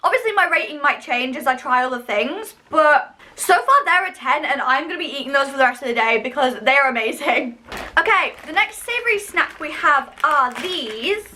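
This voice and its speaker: A woman's voice: high-pitched, expressive, moderate pace, pushed and bright. A young woman from the UK chatting casually and enthusiastically while reviewing snacks in a vlog, with lots of fillers. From United Kingdom. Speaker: vlogger.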